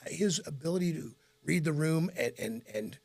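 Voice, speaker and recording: A middle-aged man with a gravelly, raspy voice, a radio host telling rambling stories in a casual interview and laughing often. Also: fairly high pitch, normal speed. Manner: rambling, animated anecdotes with frequent laughs.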